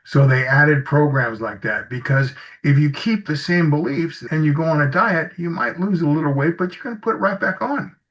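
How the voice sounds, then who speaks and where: With a voice on the high side, lively intonation, and a slightly bright sound, this man talks at normal speed with few pauses. He's being interviewed as an executive coach, sharing anecdotes conversationally and acting out dialogue. Audio is slightly muffled.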